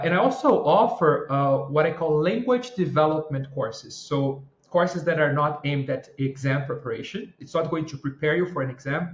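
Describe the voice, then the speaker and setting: A man who teaches English exam-prep courses, explaining things in a measured way as a podcast guest. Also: fairly high pitch. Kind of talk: interview guest answering questions. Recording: roomy, muffled mic.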